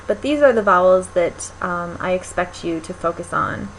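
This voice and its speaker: A woman's voice: fairly low pitch, expressive, normal speed, slight background noise, rough recording. A young woman teaching a recorded linguistics lecture, explaining step by step with frequent ums and restarts. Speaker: linguistics instructor.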